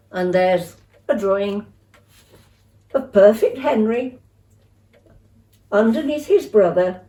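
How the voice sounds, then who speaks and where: An older woman reading a children's story aloud with lively expression, talking to young listeners. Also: mid-range voice, distant mic.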